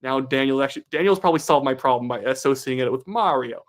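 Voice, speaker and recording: This livestream host is a young Canadian man who talks fast in a medium-pitched voice. He's upbeat and chatty, reading out comments from viewers during the casual stream.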